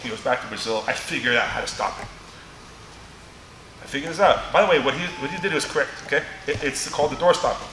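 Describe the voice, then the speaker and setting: A man's voice: mid-range voice, fast talker, bright, forceful tone, a little hiss or hum. Joking middle-aged male grappling instructor. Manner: joking storyteller, laughs often, demonstrates moves. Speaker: martial arts seminar instructor. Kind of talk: live teaching seminar with anecdotes. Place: large echoey training gym. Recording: echoey gym with faint ambience.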